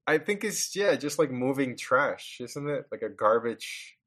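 A man's voice: mid-range voice, lively intonation, a little slow, fairly bright tone. A man on a podcast talking casually about a movie, laughing often and throwing in jokes. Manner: laughs often, jokey, chimes in. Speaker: podcast co-host. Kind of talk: casual chat about a film.

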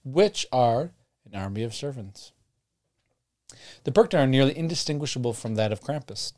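A man's voice: medium pitch, animated, normal speed, a little mellow. A man co-hosting a casual podcast chat, joking crudely and laughing often while he retells a legend. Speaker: podcast co-host.

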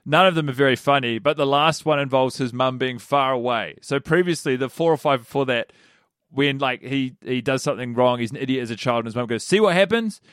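A man's voice: mid-range voice, fairly even intonation, a little fast, fairly bright tone, smooth, no room sound, clean studio sound. Rambling man on a comedy podcast. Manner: rambling, lots of filler likes. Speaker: podcast co-host. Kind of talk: casual comedy review chat.

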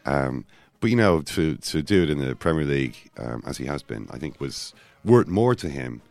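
A man co-hosting a casual football podcast, talking in rambling, self-interrupting runs with animated asides. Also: very deep voice, normal speed, gravelly, dry recording. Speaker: podcast co-host.

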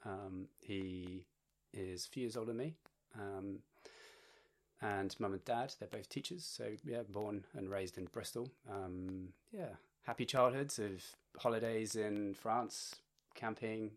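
Brief: young West Country English man, very low voice, relaxed chatty guest. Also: measured pace. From England. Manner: relaxed, chatty, laughs often. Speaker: podcast guest. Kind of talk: casual interview chat.

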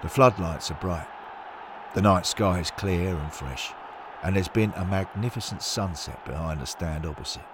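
A man narrating a scripted story in a measured storytelling manner. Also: low voice, noisy background.

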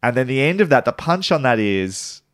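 A man's voice: mid-range voice, sing-song, moderate pace, fairly bright tone, no echo, clean studio sound. A man co-hosting a casual podcast chat, easygoing and thoughtful, drifting into asides. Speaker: podcast co-host.

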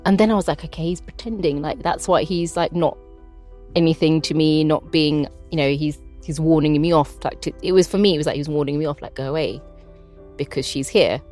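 A woman's voice: low-pitched, fairly quick, dark tone, faint music behind. A woman being interviewed who reflects on a past encounter and recounts her own thoughts. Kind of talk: personal recollection in an interview.

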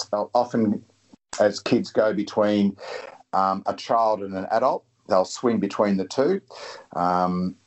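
A middle-aged man, a guest author talking in a halting way and often repeating his words. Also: on the low side. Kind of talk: casual interview talk.

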